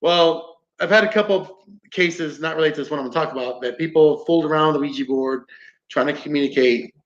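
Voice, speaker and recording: A man's voice: on the high side, fast talker. Rambling man telling a ghost story. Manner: rambling, swears freely, acts out quotes. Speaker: paranormal investigator. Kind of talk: casual storytelling. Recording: roomy, dull lo-fi podcast audio.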